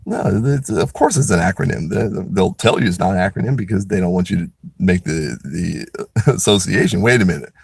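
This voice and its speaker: A man's voice: low voice, lively intonation, brisk, creaky, a little mellow, breathy edge, dry recording, studio quality. A man in a casual, rambling monologue, blunt and profane, with lots of restarts as he talks.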